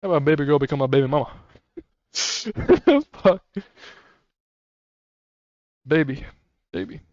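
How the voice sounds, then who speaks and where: A man's voice: fairly high pitch, sing-song, measured pace, darkish tone, no echo. A man streaming, chatting casually and rambling with frequent swearing and laughter. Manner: rambling and profane, laughs often. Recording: slightly muffled dry mic.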